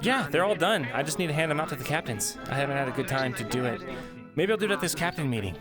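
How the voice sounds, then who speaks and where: Lively man in role-play chat over music. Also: fairly high pitch, fast. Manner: animated, caring, bossy with teammates. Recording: music playing behind.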